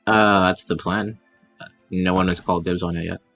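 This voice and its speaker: Low-voiced man playing a tabletop game. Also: moderate pace, creaky, no room sound, soft background music. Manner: relaxed, thinks aloud with fillers. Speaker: player. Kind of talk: casual game chat.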